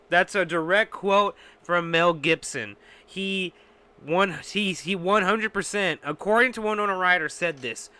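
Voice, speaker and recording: High, bright-voiced man ranting. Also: expressive, measured pace, smooth. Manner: profane, exasperated ranting. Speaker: podcast host. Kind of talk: casual ranting chat.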